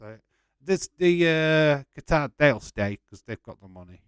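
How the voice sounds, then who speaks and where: A man's voice: medium pitch, a little slow, clean tone, dry recording. A man hosting a casual live watch-along stream, chatting loosely with frequent swearing and rambling restarts. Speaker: livestream host.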